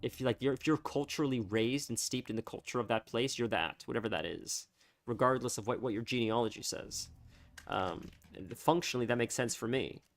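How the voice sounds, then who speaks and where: On a live stream, a young man chats casually, his speech rambling and halting, full of fillers and restarts. His voice is medium-pitched.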